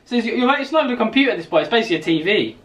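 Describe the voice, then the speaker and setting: Young male host, London accent, high voice, teasing mock-insult banter. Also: lively intonation, rapid-fire, crowd noise. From England. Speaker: YouTuber host. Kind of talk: casual video chat banter.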